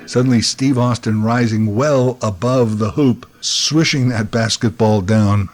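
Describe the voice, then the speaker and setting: A man's voice: mid-range voice, a little slow, hardly any pauses, faint music behind. A man hosting a podcast, telling a comic story in a wry, sarcastic way and making his own sound effects. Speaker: podcast host. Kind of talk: scripted comic monologue.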